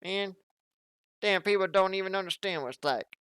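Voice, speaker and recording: A man's voice: high voice, moderate pace, a bit bright, clear, resonant tone, dry recording, clean studio sound, pitched above the performer's own voice. Man putting on a touchy southern hick. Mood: indignant.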